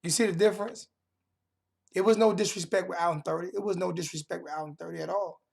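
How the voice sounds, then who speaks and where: A young man with a high-pitched, gravelly voice speaks quickly, with fairly even intonation. Livestreaming from home, he launches a heated, confrontational rant at his chat, repeating phrases for emphasis.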